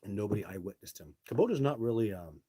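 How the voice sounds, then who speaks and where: Middle-aged guy on a live stream, husky low voice, dry close sound, animated and swears a bit. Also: fast, dry recording. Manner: animated, swears casually, repeats words. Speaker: live show host. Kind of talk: casual live-stream storytelling and viewer Q&A.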